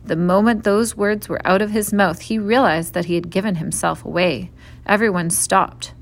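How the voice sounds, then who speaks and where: A woman narrating a children's novel in a steady, clear storytelling manner. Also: mid-range voice, normal speed. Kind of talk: audiobook reading of a children's novel.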